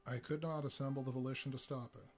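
A man's voice: mid-range voice, steady tone, fast talker, close to an everyday voice. Casting: tormented alien giant, formal and stiff speech, read by a man, faint guitar behind. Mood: anguished.

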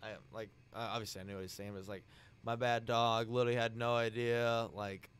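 Young man, podcast guest, casual crude storytelling, smooth resonant voice, acts out quoted lines. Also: medium pitch, level tone, quick pace, a bit bright. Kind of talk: casual chat.

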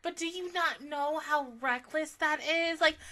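A woman's voice: high voice, measured pace, bright, forceful tone. A young woman giving a casual, emotional anime reaction review, gushing with frequent fillers and swearing.

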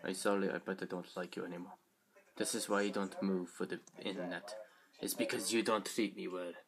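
A sulky little robot droid grumbles in a stiff, formal way, as a man puts him on. The voice sits a notch lower and quieter than an everyday speaking voice, and every complaint comes out grudging and clipped. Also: flat delivery, fairly quick, a crowd in the background.

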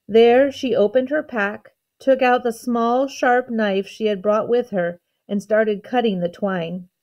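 A woman teacher narrating a storybook aloud at an unhurried, measured pace. Her voice sits somewhat high and stays steady and calm through the narration.

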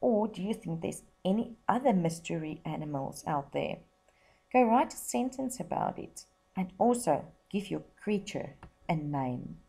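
A woman teacher from South Africa reads a children's story aloud, slowly and with expression. Her pitch moves a lot, her voice is a little husky, and she sits on the low side. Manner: slow, expressive and encouraging.

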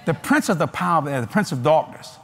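An older man preaching a sermon at a large convention, animated and folksy, laughing between points. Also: fairly high pitch, fast.

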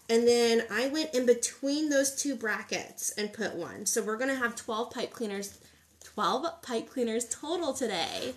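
Woman, friendly craft-stream host, higher voice, slight noise under her. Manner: chatty, upbeat, greets viewers by place. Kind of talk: live-streamed craft tutorial, greeting viewers. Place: home craft table.

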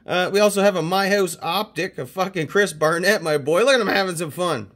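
A card-collecting host from Canada chats through his mail day, full of profanity and excited hype. His voice sits a little higher than most men's. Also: brisk, background noise. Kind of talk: casual mail-day chat.

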